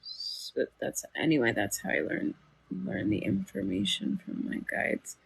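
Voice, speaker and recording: A woman hosting a live spiritual healing stream, guiding breathing and chatting in a soft, meandering way with many fillers. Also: extremely low pitch, big pitch swings, creaky, breathy edge, no room sound. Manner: slow, soft and soothing when guiding, chatty with fillers and laughs otherwise. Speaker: livestream spiritual healer. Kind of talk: guided meditation and casual live chat.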